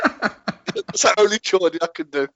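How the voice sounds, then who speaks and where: A man's voice: fairly high pitch, big pitch swings, normal speed, a bit bright, no room sound, muffled recording. A man co-hosting a casual chat, joking around and playing with silly accents. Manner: jokey, playful, trying out accents. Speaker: podcast co-host.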